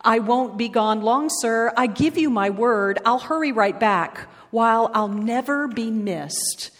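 A woman's voice: a little high, unhurried, big-room sound. A woman voicing a lazy, whiny female bird who coaxes others into doing her work. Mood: coaxing. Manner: complaining, coaxing.

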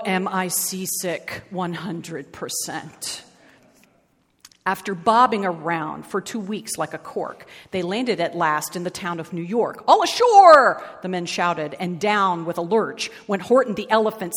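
Expressive female storyteller reading rhyming verse slowly in a reverberant hall. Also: fairly low pitch.

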